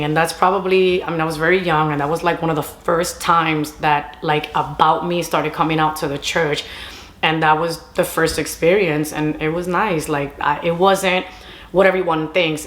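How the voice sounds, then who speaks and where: A young woman tells a personal story to camera in a chatty way, mixing Spanish phrases into her English. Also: low voice. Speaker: storytime vlogger. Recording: roomy echo.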